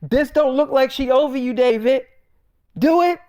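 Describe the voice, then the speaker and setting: A man's voice: very high voice, normal speed, darkish tone, no echo, studio quality, pitched above the performer's own voice. A man voicing his angry, jealous young wife, swearing and accusing in a raised voice. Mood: angry scolding.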